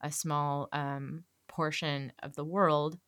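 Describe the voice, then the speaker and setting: Low-voiced American woman chatting. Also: smooth, no echo, clean studio sound. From California, USA. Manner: quick, animated talker with frequent restarts and laughs. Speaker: guest, actor and voiceover artist. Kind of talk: casual podcast chat.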